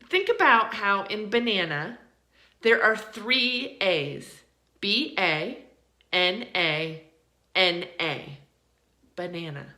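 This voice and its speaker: An American woman teaching English pronunciation in an online lesson, speaking deliberately and drawing out example words. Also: mid-range voice, pushed and bright. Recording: roomy echo.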